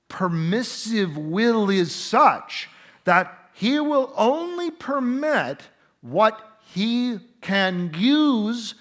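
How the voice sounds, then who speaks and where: A man answering interview questions in a conference center, explaining scripture in an animated, emphatic conversational way with quick asides. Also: high voice. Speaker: interview guest, Bible teacher.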